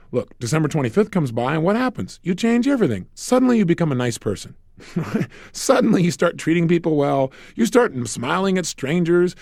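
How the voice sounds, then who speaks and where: A man giving a recorded self-help lecture, energetic and acting out little dialogues. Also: a little high, dry recording, studio quality. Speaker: motivational speaker.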